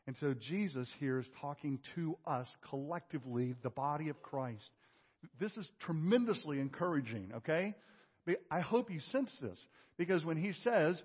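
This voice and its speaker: A male pastor preaching a sermon, asking rhetorical questions and swinging from loud emphasis to hushed tones. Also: a little high, expressive, normal speed, breathy edge. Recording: dull audio with long hall reverb.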